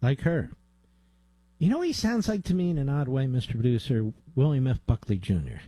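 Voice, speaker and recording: A man's voice: very animated, brisk, dark tone, slightly rough, dry recording. A man hosting a talk radio show, delivering emphatic, indignant commentary into a studio microphone. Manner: indignant, emphatic, rises in pitch when heated. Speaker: radio host.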